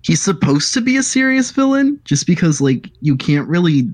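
A man's voice: fairly high pitch, big pitch swings, moderate pace. A young man co-hosting a podcast in casual chat, talking in an easygoing, slightly hesitant way. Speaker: podcast co-host.

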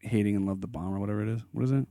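Fast-talking man discussing films. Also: on the low side, dark tone, dry recording, studio quality. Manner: quick, eager film-buff talk. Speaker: podcast co-host. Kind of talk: casual film podcast chat.

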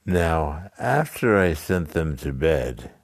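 A man casually telling a story, halting now and then with restarts and asides. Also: extremely low pitch, big pitch swings, breathy edge, no room sound, studio quality.

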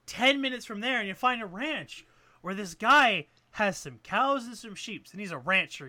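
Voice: medium pitch, bright, forceful tone, dry recording. A speaker ranting about a video game in casual, sarcastic talk, often swearing and restarting sentences. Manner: exasperated, sarcastic and profane; rambling with frequent restarts.

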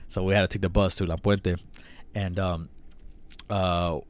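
A man's voice: low-pitched, unhurried. A young man telling a long story in a casual, slangy, profane way, acting out what people said. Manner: slangy, profane, animated storytelling with acted quotes.

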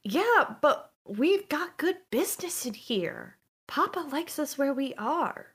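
Brief: woman doing a brash, threatening woman convict, swaggering, pitch swings wildly. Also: very animated, slow pace, fairly bright tone, heavily acted. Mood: smug. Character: brash tough woman prison inmate, cocky.

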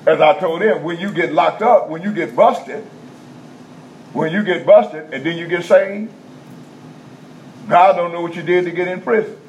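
A man preaches a folksy sermon in a prison chapel, repeating his phrases and then rising into emphatic bursts, his voice a bit high for a male. Faint room ambience and a little hiss or hum sit under the dull, lo-fi recording.

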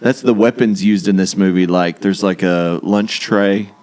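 A man's voice: sits low, fairly even intonation, moderate pace, darkish tone. A man hosting a casual movie podcast, joking wryly and running through details. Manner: wry, joking, lists details. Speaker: podcast host.

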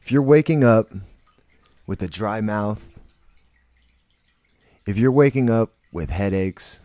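A man's voice: lowish voice, animated, takes it slowly, mellow, dry recording. A man hosting a podcast, talking in a blunt, profane, rambling monologue full of restarts. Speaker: podcast host. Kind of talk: casual monologue.

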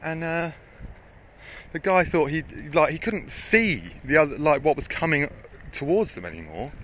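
A man's voice: fairly high pitch, expressive, normal speed, fairly bright tone, slight background noise. A man telling rambling, sweary anecdotes in casual chat, often laughing as he goes.

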